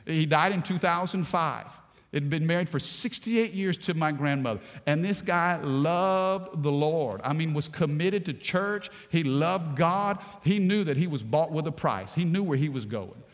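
Pastor preaching in a reverberant hall. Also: male voice, on the high side, unhurried. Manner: storytelling, building to emphatic preaching. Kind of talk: sermon.

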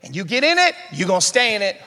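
Man, pastor, preaching with fire, sharp bright voice, big echoey church. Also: sits high, big pitch swings, quick pace. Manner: preaching with rising fervor, acting out Bible voices and calling out to the congregation. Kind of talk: sermon. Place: large church hall. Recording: long reverb of a large hall.

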